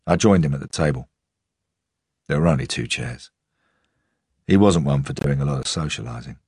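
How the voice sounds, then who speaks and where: A man reading a crime story aloud as a first-person narrator, in a measured, tense storytelling manner. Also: extremely low pitch, animated, a little mellow, breathy edge, no room sound, clean studio sound. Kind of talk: scripted audiobook narration.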